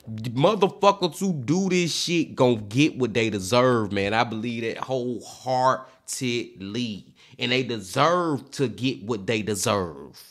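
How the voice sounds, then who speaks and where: A man's voice: medium pitch, pushed and bright. A man hosting a reaction video, talking heatedly and cursing, calling his viewers y'all. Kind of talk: emotional reaction commentary.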